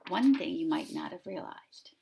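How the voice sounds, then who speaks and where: A woman preschool teacher discussing a picture book with young children, asking them gentle questions. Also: sits low, lively intonation, normal speed, vocal fry, a little hiss or hum.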